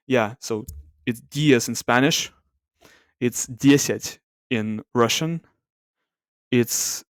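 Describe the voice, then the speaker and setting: A man with a smooth, resonant voice talks softly through an ASMR-style language comparison. He thinks aloud, hesitates and corrects himself often. The sound is close and dry, with no room around it. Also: mid-range voice, no room sound. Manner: soft-spoken, reluctant to talk aloud. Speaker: language video host.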